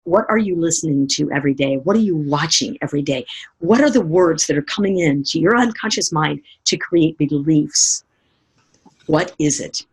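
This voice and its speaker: Middle-aged woman, motivational speaker, husky low-pitched voice, animated storytelling. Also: moderate pace. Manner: asks the audience direct questions. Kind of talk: motivational seminar talk.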